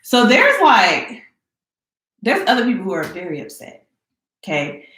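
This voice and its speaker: A young woman in her twenties telling a casual storytime, animated and dramatic, full of slangy asides. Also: mid-range voice, measured pace. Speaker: vlogger. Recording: echoey room.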